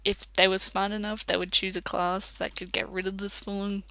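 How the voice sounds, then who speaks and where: Australian accent, let's play commentary, rambling chatter, gravelly fry. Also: mid-range voice, level tone, moderate pace, bright, forceful tone. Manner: rambling, chatty, laughs often. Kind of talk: casual gaming commentary.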